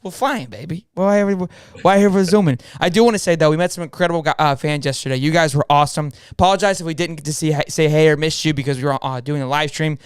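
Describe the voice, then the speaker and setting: A hoarse man hosts a sports live stream, his voice pitched high yet still clear despite being worn out. He rambles with hyped energy and keeps calling out to his audience. The sound is dry and close, with no room around it. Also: quick pace, no room sound. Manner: hyped, rambling, calls listeners boys and girls. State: hoarse, voice partly gone. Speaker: sports show host. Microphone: studio mic on a stream.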